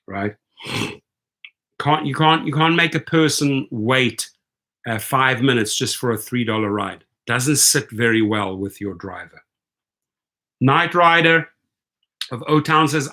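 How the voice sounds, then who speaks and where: A man hosting a video, reading viewer comments aloud and reacting in a blunt, animated, emphatic way with some profanity. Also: medium pitch, a little slow, pauses often. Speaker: host.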